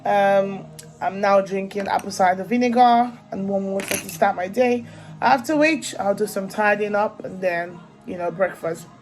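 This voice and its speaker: A young woman with an African accent talks casually and animatedly to her viewers. Her voice sits at an ordinary middle pitch. Faint music plays behind her. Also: poor audio. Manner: chatty, animated, laughs often. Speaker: vlogger. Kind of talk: casual vlog chat.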